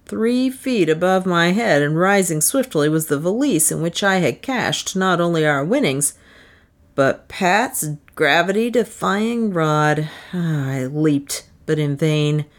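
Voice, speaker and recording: Animated low-voiced woman reading a story. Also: takes it slowly. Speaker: story reader. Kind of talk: storybook narration, then casual commentary.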